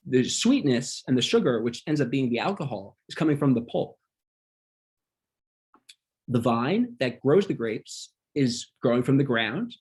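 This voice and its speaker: Casual male teacher, husky voice, relaxed, lots of ums, online class. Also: mid-range voice. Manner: relaxed, many ums, talks through slides. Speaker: wine workshop instructor.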